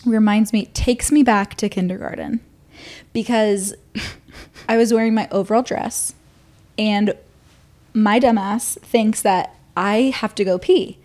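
A woman's voice: medium pitch, fairly even intonation, slow, long pauses, darkish tone. A young woman co-hosting a podcast, telling a school story in casual chat with lots of laughs. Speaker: podcast co-host.

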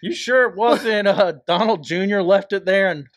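A man's voice: sits high, moderate pace, no room sound, studio quality. A man co-hosting a casual racing podcast, joking and teasing his partner, wired on energy drink. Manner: jokey, teasing, laughs often. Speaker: podcast co-host.

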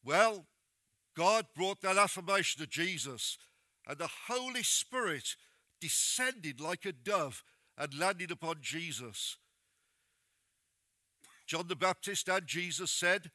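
A man preaches a sermon in a high, very bright and ringing voice. He is plain-spoken and direct as he urges his listeners on. The sound is close and dry. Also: expressive, unhurried, no echo.

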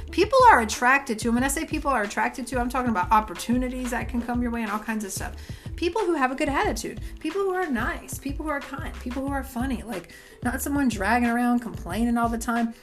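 Woman, thirties, fairly high voice, emphatic, preachy, motivational talk, faint music behind. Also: a bit bright. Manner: emphatic, preachy, addresses listeners directly. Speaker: motivational Christian speaker. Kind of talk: casual motivational talk to camera.

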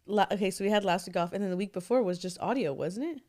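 A woman's voice: medium pitch, fast talker, darkish tone. Young woman, podcast co-host, casual chat, giggly, chatty, heavily pregnant. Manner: giggly, chatty, lots of fillers. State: nine months pregnant.

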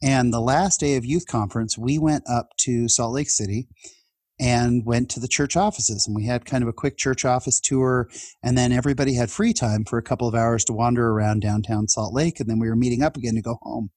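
A middle-aged man from California telling a personal story in conversation, his voice jumping up when excited. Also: mid-range voice, fairly quick, no echo. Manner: animated, voice jumps up when excited.

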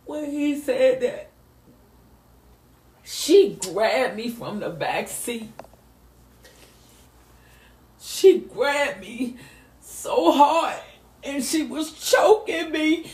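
A high-pitched woman tells a heartfelt family story with big swings in her voice, acting out everyone's lines. Her voice rings in an echoey room. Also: drawn-out words, pauses often. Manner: lively, animated retelling with voiced quotes. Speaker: mother telling her story. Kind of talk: emotional storytelling.

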